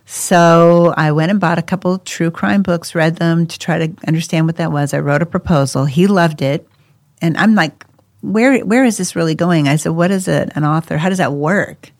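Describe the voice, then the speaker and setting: Woman, casual storytelling, animated, lots of laughter, slightly gravelly, dry close mic. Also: on the low side, normal speed, dry recording. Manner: animated, laughs often, acts out quoted voices. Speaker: co-host sharing her life story.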